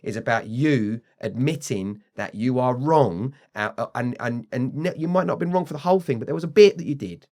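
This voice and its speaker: A middle-aged British man talking candidly as a podcast guest, frank and animated, acting out the voices of people he quotes. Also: mid-range voice, brisk, hardly any pauses. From Britain.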